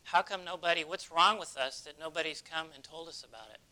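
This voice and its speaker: A man's voice: fairly high pitch, brisk, bright, forceful tone, voice pushed up, low-quality recording. A man voicing a grieving, bewildered old village man who pleads through tears.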